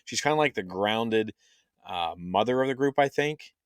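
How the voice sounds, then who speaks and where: A man with a low voice chats animatedly on a fan podcast, now and then jumping up high to act out a scene. The sound is dry and close, with no room around him. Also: moderate pace, clear, resonant tone, no room sound. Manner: animated, acts out character lines in a high voice. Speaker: podcast co-host. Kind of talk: casual fan chat.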